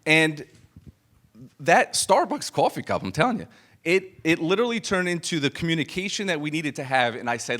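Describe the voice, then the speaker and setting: A man's voice: fairly high pitch, brisk. A man giving a live motivational talk to an event audience, telling a personal story in a conversational way, with restarts and acted-out quotes. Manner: animated and conversational, full of fillers and restarts, acts out quoted dialogue. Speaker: business coach speaking to an event audience.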